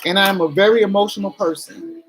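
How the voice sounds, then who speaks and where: A woman's voice: mid-range voice, a little fast, slight background noise, low-quality recording. A middle-aged woman talking candidly to her camera in a chatty, emotional vlog, swearing casually as she goes. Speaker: vlogger.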